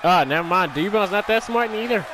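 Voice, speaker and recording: A man hosting a gaming channel, giving casual commentary on a wrestling game, exasperated, shouting at the screen and swearing. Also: sits high, expressive, fairly quick. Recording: game audio with loud crowd noise. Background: video game crowd noise.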